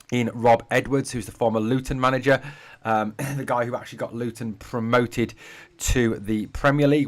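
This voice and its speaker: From his home streaming setup in a room being packed up for a move, a Durham man with a northeast English accent runs a live football watch-along for his fan channel. His voice sits mid-range for a man, and he keeps up casual, chatty patter, calling viewers "mate" and "guys" between comments.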